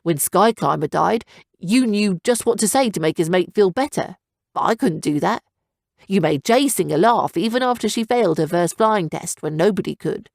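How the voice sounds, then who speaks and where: A woman's voice: fairly low pitch, expressive, moderate pace, vocal fry, a little mellow, no echo, studio quality. A woman narrator voicing a lazy, teasing young male griffin who talks in a drowsy, offhand way. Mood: earnest.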